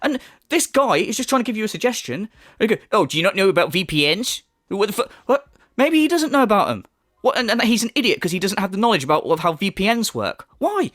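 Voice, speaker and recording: A man tears into his subject in a furious, foul-mouthed commentary. His voice sits high and swings wildly in pitch. The sound is dry, with no room behind it. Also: sing-song, quick pace, a bit bright, no echo. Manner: angry, profane, mocking. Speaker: commentary youtuber. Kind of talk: ranting commentary.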